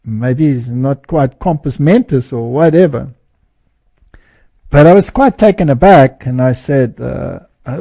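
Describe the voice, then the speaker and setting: A man telling a story in an interview as a lecturer, animated and often chuckling as he talks. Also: mid-range voice, a little slow, creaky. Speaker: guest speaker and lecturer.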